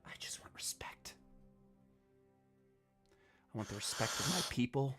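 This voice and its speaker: A man voicing a bitter, vengeful female ghost warlock who swings from hushed whispers to snarls. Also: extremely low pitch, big pitch swings, normal speed, husky, faint music behind, exaggerated voice.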